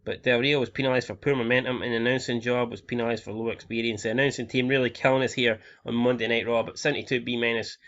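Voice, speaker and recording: A man's voice: mid-range voice, fairly bright tone, dull audio. Casual, profane young man commentating a game. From Scotland. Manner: casual, profane, reading out ratings. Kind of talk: casual let's-play commentary.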